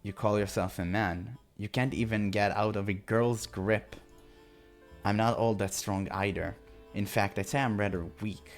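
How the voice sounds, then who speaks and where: This is a cruel, sneering young woman captor who mocks her prisoner in a visual novel, with a man reading her part. The voice sits fairly low, and it taunts without pause. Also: fairly even intonation, faint music behind. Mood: mocking.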